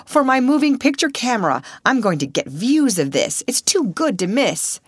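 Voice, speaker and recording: A woman's voice: a little high, very animated, normal speed, breathy edge, dry recording, clean studio sound, voice pushed up. A woman voicing an eager young male cameraman in a novel reading.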